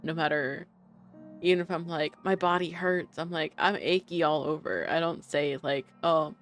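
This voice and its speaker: A woman's voice: low-pitched, normal speed. A woman streamer giving casual live commentary over a game, chatty, gushing, and prone to rambling tangents. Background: game music.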